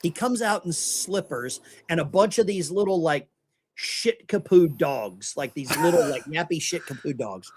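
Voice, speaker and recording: Middle-aged American male host, lively storyteller, fairly high voice with big pitch swings. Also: measured pace, a little hiss or hum. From United States. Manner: animated anecdote-telling, acting out quoted voices. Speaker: podcast host. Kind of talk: casual storytelling chat.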